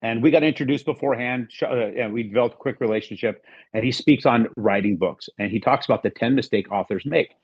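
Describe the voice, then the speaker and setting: A man's voice: medium pitch, fast talker, husky, no echo, dull audio. A middle-aged man as a podcast guest, telling a rambling story casually and acting out the lines of the people in it. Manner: rambling, acts out quoted dialogue.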